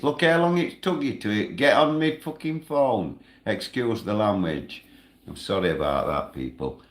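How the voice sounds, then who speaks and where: A man ranting and chatting on a livestream in broad northern dialect, with loud outbursts. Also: fairly low pitch, big pitch swings, a little slow. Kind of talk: angry livestream rant. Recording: echoey room.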